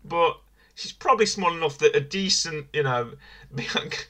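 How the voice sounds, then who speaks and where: A man with a bright, forceful voice talks through a wrestling review in loose, casual podcast chat. He circles back on his own phrases, restarting and repeating as he goes. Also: fairly high pitch, expressive, moderate pace. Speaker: podcast co-host.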